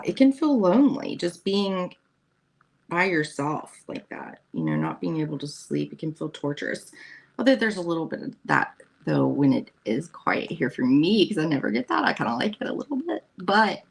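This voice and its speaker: A woman's voice: low voice, huge pitch swings, moderate pace, creaky, breathy edge. A middle-aged woman from the United States hosting a casual morning live stream, chatty and rambling, laughing often and reading out viewers' comments.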